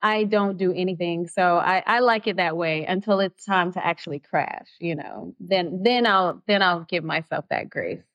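A woman speaking as a guest in a candid interview, expressive and heartfelt, her voice rising when she gets excited. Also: fairly low pitch, normal speed, hardly any pauses, lo-fi sound. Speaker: actress guest.

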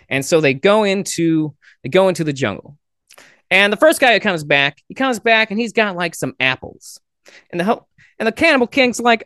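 Casual male podcaster, lively pitch, dry close mic. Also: fairly quick, no room sound. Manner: chatty joke telling with fillers. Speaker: podcast host. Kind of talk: casual video chat with strangers.

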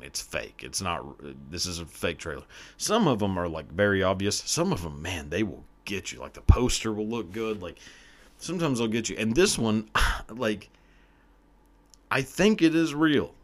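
A man's voice: on the low side, lively intonation, moderate pace. A man hosting his own podcast, chatting casually on his own in a rambling, profane, self-deprecating way. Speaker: podcast host. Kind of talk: casual solo podcast chat.

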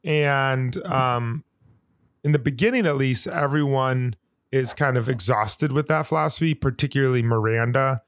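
A man chatting on a podcast, recapping with plenty of "um" and "you know". He has a mid-pitched voice, recorded close and dry with no room sound. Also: moderate pace, no echo. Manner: animated, recaps scenes, fillers. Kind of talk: casual podcast chat.

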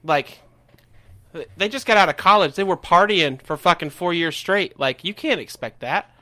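A man's voice: high voice, expressive, moderate pace, pushed and bright. A man, a former enlisted sailor on a podcast, talking in a frank, profane and opinionated way. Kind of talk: casual chat.

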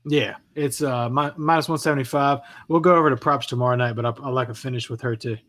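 A man's voice: mid-range voice, fast, fairly bright tone. A man with a Delmarva accent co-hosting casual fight-betting chat, hyped and bro-ish. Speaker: co-host.

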